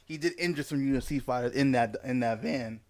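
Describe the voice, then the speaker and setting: A man's voice: medium pitch, a little fast. A young man co-hosting a podcast, talking animatedly and swearing often in casual chat. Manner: animated, profane, laughs often. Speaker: podcast co-host.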